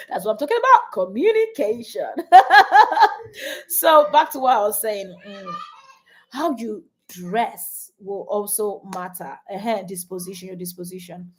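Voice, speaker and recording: A woman coaching couples on a live stream, animated and repeating her points to the audience. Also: medium pitch. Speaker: relationship coach.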